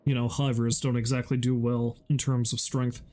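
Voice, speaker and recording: A man's voice: medium pitch, little pitch movement, normal speed, mellow, slight background noise. A man streaming a video game, chatting casually and profanely, with a self-mocking manner. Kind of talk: casual gameplay commentary.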